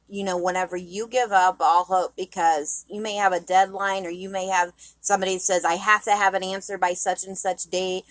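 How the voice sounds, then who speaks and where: A woman's voice: medium pitch, no echo. A woman co-hosting a Christian radio program, sharing her thoughts on faith in a sincere, rambling way. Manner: sincere, rambling, quick bursts. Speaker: radio co-host. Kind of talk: casual reflective talk on faith.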